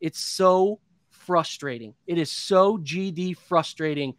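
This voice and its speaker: Brief: man in his thirties, higher voice, dry close sound, heated podcast rant that keeps restarting. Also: slow pace, dry recording. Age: 30s. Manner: heated, frustrated, rambling with restarts. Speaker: sports podcast analyst.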